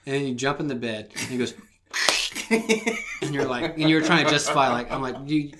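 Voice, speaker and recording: Brief: young male podcast co-host, casual and profane, mid-pitched, acts out quotes. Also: lively intonation, fairly quick, a loud crowd. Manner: rambling, profane storytelling with acted-out quotes. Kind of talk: casual chat.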